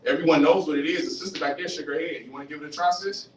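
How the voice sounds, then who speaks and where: A man giving a fiery street-style religious lecture, animated, questioning the audience and acting out voices. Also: on the high side, racing. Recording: roomy, distant mic, faint hiss.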